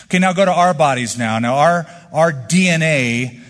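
A man delivers a sermon in a slightly high voice, pressing his points with emphatic rhetorical questions. His words ring out with the long reverb of a large church hall. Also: lively intonation, normal speed. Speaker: pastor.

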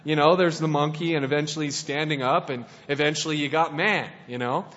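A high-pitched man preaches in a casual, playful way, circling back and restarting his sentences as he talks. His voice carries a long reverb from a hall, and the recording sounds dull and lo-fi. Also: fairly even intonation, a little fast, a bit bright. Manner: playful and conversational, with many restarts. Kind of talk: casual sermon.

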